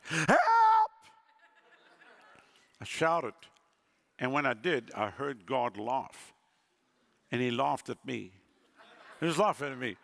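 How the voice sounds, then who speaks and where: A middle-aged man preaching as an evangelist, telling a story and acting out the dialogue with sudden jumps in pitch. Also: vocal fry, a bit bright. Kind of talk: sermon storytelling.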